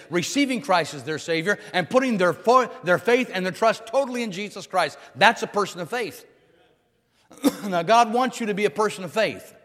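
A man's voice: high voice, fairly bright tone, big-room sound. A man preaching a sermon emphatically, repeating phrases and restarting as he drives each point home. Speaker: pastor.

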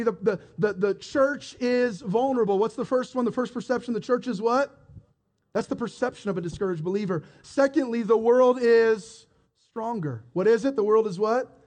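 Male pastor, very high voice, preaches with questions thrown to the pews. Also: darkish tone. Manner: preaching with rhetorical questions to the congregation. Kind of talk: sermon.

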